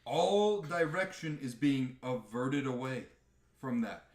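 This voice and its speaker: A man on a live podcast, chatting casually in a profane, animated rant. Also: medium pitch, slow, roomy sound. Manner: animated, profane ranting with mocking impressions. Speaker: podcast co-host.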